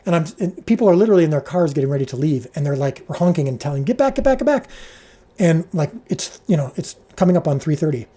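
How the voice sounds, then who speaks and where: A man who directs a show, telling an animated behind-the-scenes story on a livestream, full of restarts and fillers, his pitch leaping when he quotes people. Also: quick pace, few pauses. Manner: frequent restarts and filler words.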